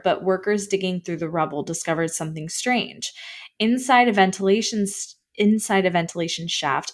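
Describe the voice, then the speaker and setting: A young woman co-hosting a podcast, reading ghost stories from an article in casual chat, with a slight lisp and some stumbling over her words. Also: lowish voice. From Canada. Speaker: podcast co-host.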